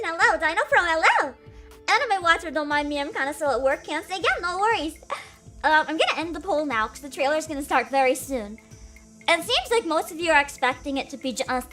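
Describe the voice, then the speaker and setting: A woman's voice: high voice, bright, forceful tone. A woman streaming live as a VTuber, hyper and giggly, chatting casually, swearing freely and greeting viewers by name.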